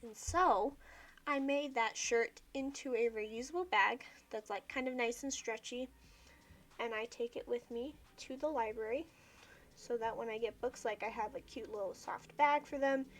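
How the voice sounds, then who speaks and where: A woman's voice: fairly high pitch, moderate pace. A young woman livestreaming while she journals, chatting casually and often saying "like". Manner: chatty, filler-heavy with frequent "like".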